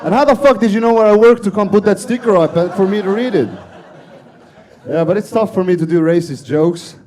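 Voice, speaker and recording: A man from Estonia with an Estonian accent doing an open-mic stand-up set, deadpan and sweary, laughing at his own jokes. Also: high-pitched, brisk, slight background noise. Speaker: stand-up comedian. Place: comedy club stage with audience.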